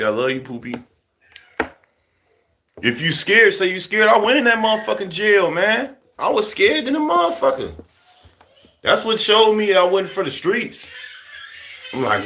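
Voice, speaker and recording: Lively, profane storytelling man from Chicago. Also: high voice, measured pace, vocal fry, pauses often, slight background noise. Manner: profane, animated, laughing storyteller. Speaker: vlogger talking to his viewers. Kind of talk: casual storytelling.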